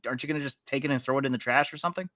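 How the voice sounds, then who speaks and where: A man's voice: medium pitch, rapid-fire, sharp tone, dry recording, studio quality. A man co-hosting a podcast in casual, teasing chat, laughing often. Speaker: podcast co-host.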